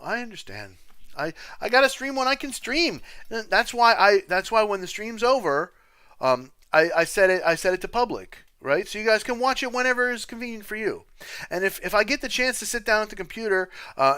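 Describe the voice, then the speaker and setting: A man's voice: high-pitched, bright, forceful tone, smooth, no echo. A man hosting a music livestream, reading out viewer comments in an upbeat, chatty way and thanking people often. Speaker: livestream host and music teacher.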